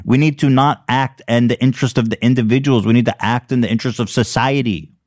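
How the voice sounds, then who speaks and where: A man's voice: medium pitch, steady tone, fast talker, a little mellow, no echo, clean studio sound. A man hosting a casual comedy chat, rambling and profane with frequent self-interruptions.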